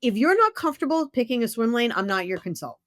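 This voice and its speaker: A blunt, emphatic middle-aged woman hosts a casual podcast interview. Her voice sits a little high and leaps around expressively as she makes her points. It's recorded close and dry, with no room sound. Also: sing-song, fast, dry recording. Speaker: podcast host.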